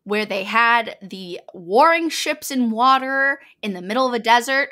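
A woman's voice: a little high, measured pace, pushed and bright. A woman co-hosting a book podcast, commenting in a sarcastic, emphatic way. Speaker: podcast co-host. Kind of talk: casual book review.

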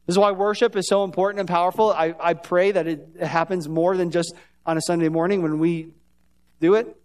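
A man's voice: high voice, steady tone, fairly quick, a little mellow. A man preaching a sermon as pastor in a church, talking conversationally and often asking the congregation questions. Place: church sanctuary.

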